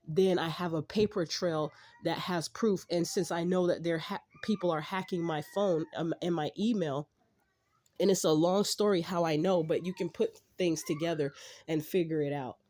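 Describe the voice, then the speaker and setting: Woman, casual vlog rant, frustrated, swearing, rambling restarts, mellow dark tone. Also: deep voice. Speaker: vlogger. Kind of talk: casual venting to camera.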